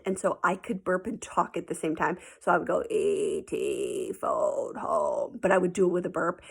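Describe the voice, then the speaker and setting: A woman's voice: mid-range voice, breathy edge. A woman teacher telling her students a playful story in a chatty, casual recorded message, sometimes dropping into a whisper.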